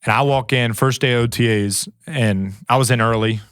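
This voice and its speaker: A man's voice: mid-range voice, moderate pace, clear, resonant tone, no room sound, studio quality. A man in his thirties, a guest on a podcast, telling stories in a casual way and acting out what others said. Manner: animated, quotes others in lively asides. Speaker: guest, former pro football player. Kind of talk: casual storytelling.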